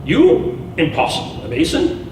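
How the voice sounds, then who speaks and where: A man's voice: fairly high pitch, expressive, fairly quick, noisy background. A man voicing a proud, scornful older wine lover with haughty, incredulous exclamations. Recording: echoey and distant live recording.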